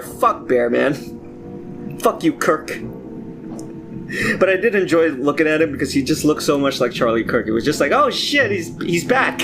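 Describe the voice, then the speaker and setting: A man hosting a comedic movie commentary, ranting in an exasperated, profane way. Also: on the high side. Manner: profane, exasperated, fast-talking. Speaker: host.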